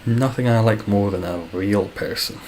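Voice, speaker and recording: A man's voice: lowish voice, normal speed, a little mellow, slight background noise, low-quality recording. A Scottish man chatting casually on a live stream, reading out viewer comments with dry, self-deprecating humour. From Scotland.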